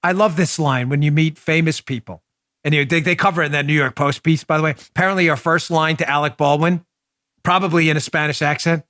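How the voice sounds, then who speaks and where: A man hosting a political talk show, delivering animated, mocking commentary with big swings in his voice. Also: fairly high pitch, quick pace, no room sound, clean studio sound. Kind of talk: opinionated commentary.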